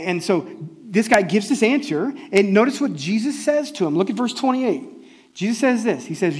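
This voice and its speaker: A man preaching a sermon in a conversational, animated way, often checking in with listeners. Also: on the high side. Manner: conversational, animated, often asks the audience "right?". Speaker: pastor.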